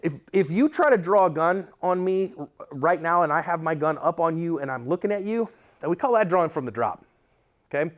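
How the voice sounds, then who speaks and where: A man with a notably high speaking voice lectures a room of pistol students. He talks bluntly and with emphasis, and keeps checking that the class is following him. It sounds like a live classroom lesson rather than a script. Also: expressive, fairly quick. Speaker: firearms instructor.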